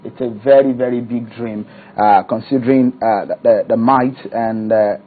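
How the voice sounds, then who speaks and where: A man interviewing a guest on TV, probing and halting with frequent fillers. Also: medium pitch, fairly even intonation, phone-quality sound, slight background noise.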